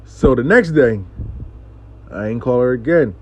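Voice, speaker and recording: A man's voice: medium pitch, lively intonation, unhurried, darkish tone. Brief: casual male storyteller, swears freely, acts out dialogue, lo-fi sound. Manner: profane, conversational, acts out dialogue.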